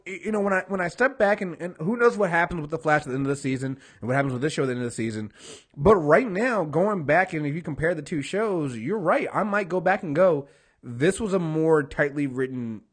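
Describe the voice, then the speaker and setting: A man's voice: a little high, lively intonation, fast. A man co-hosting a casual TV recap podcast, swearing freely and acting out characters' lines as he talks. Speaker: podcast co-host.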